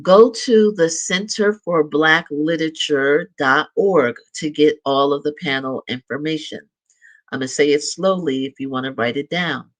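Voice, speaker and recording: On a low-quality recording, a middle-aged show host makes announcements during a live show. He sounds casual and upbeat, laughing lightly and restarting at times, with a voice on the high side and a fairly bright tone.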